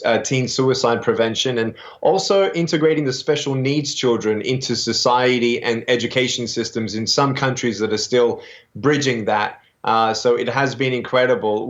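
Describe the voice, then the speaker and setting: Aussie guy in his thirties, upbeat and earnest, kinda muffled audio. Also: medium pitch. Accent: Australian. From Australia. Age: 30s. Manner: earnest, upbeat, with many fillers. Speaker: guest, motivational speaker. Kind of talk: interview answers.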